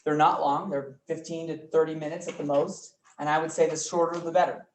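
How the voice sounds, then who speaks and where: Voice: medium pitch, level tone, fairly quick. Chatty workshop presenter in an echoey room. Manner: chatty, coins words, corrects himself or herself mid-sentence. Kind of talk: informal business training talk. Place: office meeting room with a small group. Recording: echoey room, mic far off, faint noise.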